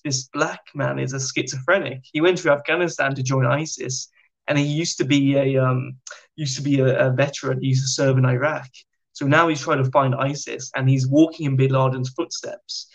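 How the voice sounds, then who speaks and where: A British man, a podcast guest, telling stories in a chatty, animated way. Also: medium pitch, lo-fi sound. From Britain. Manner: chatty, animated anecdotes with slang. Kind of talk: casual storytelling.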